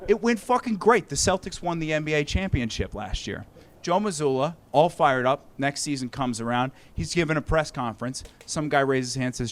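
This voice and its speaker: A man's voice: a little high, brisk. A man doing a stand-up comedy set on a club stage, swearing freely and acting out characters in different voices. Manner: animated, swearing, acts out characters.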